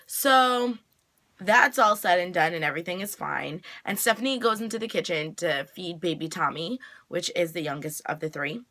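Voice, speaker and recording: Bright-voiced chatty woman vlogger. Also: fairly low pitch, lively intonation, moderate pace. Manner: chatty, filler-heavy retelling with frequent "like". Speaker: TV review vlogger. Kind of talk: casual episode recap.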